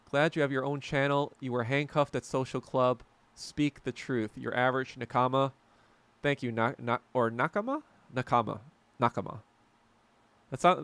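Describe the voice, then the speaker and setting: Gravelly, rambling podcast host man. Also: medium pitch, fairly bright tone, dry recording. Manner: rambling, profane, self-interrupting with tangents. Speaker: podcast host reading chat. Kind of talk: casual livestream chat.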